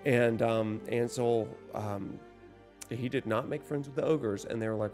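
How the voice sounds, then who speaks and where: A gaming vlogger with a mid-range, slightly slow voice recaps his game session casually over soft background music. He tells the story as an animated, self-deprecating narrator, acting out the dialogue himself.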